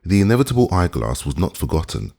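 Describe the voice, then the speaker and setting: Male audiobook narrator, very deep voice with a husky edge, lively and expressive. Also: quick pace. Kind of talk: scripted narration of a classic novel.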